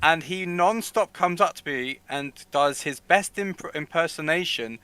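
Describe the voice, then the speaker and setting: Playful, bright-voiced man teasing his friends. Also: on the high side, a little slow, clear, resonant tone, no echo. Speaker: roundtable panelist. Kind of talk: casual online chat.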